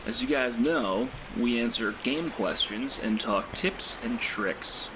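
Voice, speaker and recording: A man's voice: mid-range voice, lively intonation, slow pace, noisy background. An actor playing an awkward young male stand-in host of a late-night game radio show, rambling and self-deprecating. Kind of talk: video game voice acting.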